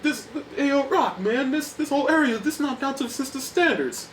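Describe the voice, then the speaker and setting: A man's voice: lively intonation, fairly quick, a bit bright, reverberant, distant mic, a little hiss or hum, low-quality recording. A man voicing a crude, blustering middle-aged hanger-on with a whiny, complaining manner. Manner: whiny, complaining, high-pitched.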